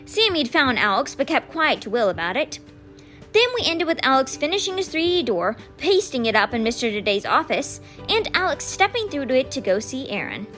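A woman reads a children's novel aloud, recapping and then narrating chapter by chapter. Her voice is fairly high and very lively in pitch, with an expressive storyteller's delivery. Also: brisk, soft background music. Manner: expressive, animated.

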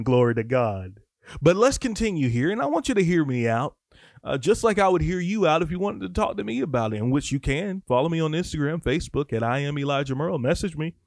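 A man's voice: mid-range voice, no echo, clean studio sound. A man preaching in a casual teaching style, reading scripture and breaking off into conversational, slangy asides.

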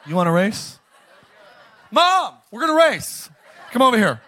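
A man's voice: very high-pitched, a little slow, some chatter behind, heavily acted. A man voicing an eager little boy who pushes everyone to race him. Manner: pushy, excited.

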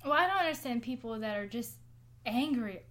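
High-voiced woman chatting on a podcast. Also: lively intonation, fairly quick, a bit bright. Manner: chatty storyteller, laughs often. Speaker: podcast co-host. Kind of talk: casual chat. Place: living room at home.

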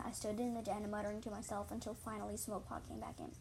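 A woman's voice: mid-range voice, little pitch movement, fast talker, creaky, few pauses, a little mellow, slight background noise. Woman reading a story, stumbling often. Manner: stumbling, repeats and corrects words. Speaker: reader of her own story.

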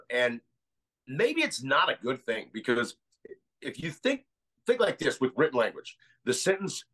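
A man's voice: mid-range voice, a bit bright, poor audio. Rambling American man thinking aloud. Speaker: guest researcher. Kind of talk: casual podcast conversation.

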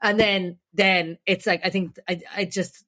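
A woman's voice: medium pitch, steady tone, a little slow, fairly bright tone. Rambling young woman co-hosting a podcast. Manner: rambling, many fillers and restarts. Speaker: podcast co-host. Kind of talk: casual chat.

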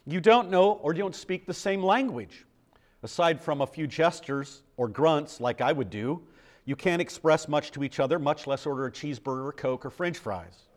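Older American pastor preaching, fairly high voice. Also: male voice, moderate pace. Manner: conversational preaching with rhetorical questions. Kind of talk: sermon.

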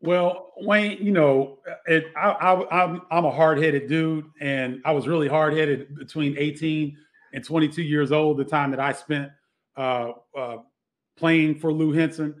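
Middle-aged man telling stories, higher voice. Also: steady tone, a little slow. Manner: storytelling, many restarts. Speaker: guest, former basketball player. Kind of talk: casual interview talk.

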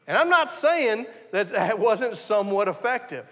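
High-voiced pastor, reverberant hall. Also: male voice, big pitch swings, moderate pace, hardly any pauses, a bit bright. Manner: earnest storytelling with frequent restarts. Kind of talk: conversational sermon.

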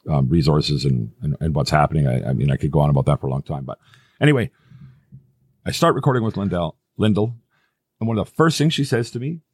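A man's voice: low-pitched, darkish tone, slightly rough, dry recording, studio quality. A man hosting a podcast, telling stories in a loose, rambling way with some swearing. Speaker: podcast host. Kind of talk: casual podcast chat.

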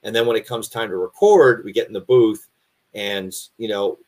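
Sex: man. Role: guest voice actor. Style: casual interview. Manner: thoughtful, restarts often. Pitch: fairly low. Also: moderate pace, a little mellow. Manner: thoughtful, explaining his craft with many restarts. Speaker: guest voice actor and audiobook narrator.

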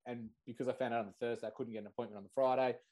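A man's voice: medium pitch, fairly even intonation, racing, darkish tone. Candid Australian man, laughing storyteller. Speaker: podcast guest. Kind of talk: casual conversation.

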